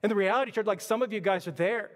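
A man's voice: sits high, racing, in a large hall. A man preaching a sermon in a church, driving his point home with repeated rhetorical questions. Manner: impassioned, repetitive rhetorical questions. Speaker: pastor.

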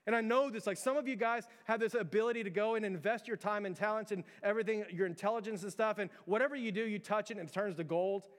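A high-voiced man delivers a sermon, talking casually with lots of fillers and firing rhetorical questions at the congregation. His voice rings out with a long reverb, as in a large hall. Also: fast, hardly any pauses. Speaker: pastor.

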